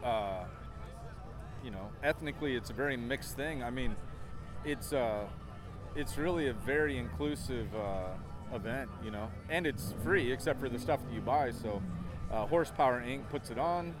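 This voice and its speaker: A man being interviewed outdoors at a motorcycle meetup, talking in a relaxed, chatty way with easygoing swearing. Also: mid-range voice, normal speed. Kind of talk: casual interview.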